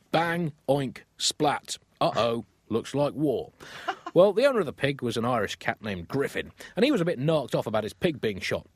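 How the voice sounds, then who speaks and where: A man's voice: medium pitch, dry recording. A man hosting a comedy podcast, telling a story with theatrical, gleeful delivery. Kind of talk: comic storytelling.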